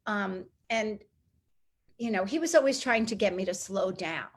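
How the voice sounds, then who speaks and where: A middle-aged woman telling a personal story as an interview guest, lively and acting out the people she quotes. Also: mid-range voice, normal speed. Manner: animated, acts out quoted voices.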